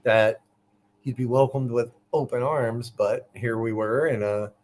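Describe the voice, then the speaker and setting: A man co-hosts a casual live-stream chat at a middle pitch. He jokes around and teases his co-host. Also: steady tone, unhurried, a little mellow, a little hiss or hum. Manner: teasing, joking.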